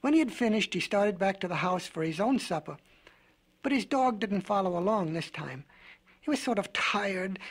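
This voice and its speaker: A man narrating a storybook record in a gentle, whimsical, folksy way. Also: sits high, breathy edge.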